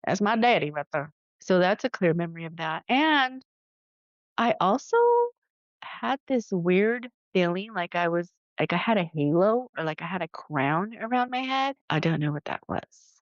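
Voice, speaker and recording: A woman podcast host tells stories from her own life in a loose, chatty monologue. Her voice sits fairly low, and the sound is dry and a little dull. She acts out quoted voices along the way. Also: no echo. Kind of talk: casual storytelling monologue.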